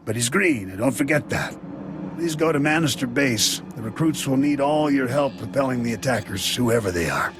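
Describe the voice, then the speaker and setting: A man voicing a gruff, commanding officer in a game cutscene. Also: medium pitch, expressive, moderate pace, music in the background. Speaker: military commander.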